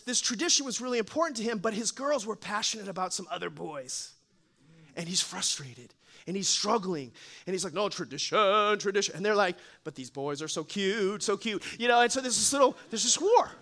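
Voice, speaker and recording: A man preaching with a very high, bright, sharp voice. He tells stories in an animated way, acting out the lines of the people in them and adding playful asides. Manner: animated storytelling, acts out quotes, playful asides. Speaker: pastor. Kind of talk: sermon.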